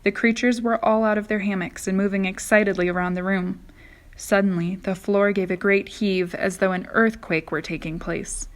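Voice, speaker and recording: A woman teacher reading a children's book aloud, expressive and soft in the quiet passages. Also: mid-range voice, moderate pace.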